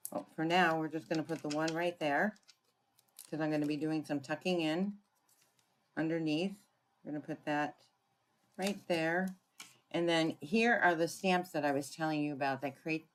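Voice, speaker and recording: A woman giving a casual card-making tutorial, chatting and thinking aloud as she works, often clearing her throat. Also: deep voice. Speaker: papercraft demonstrator.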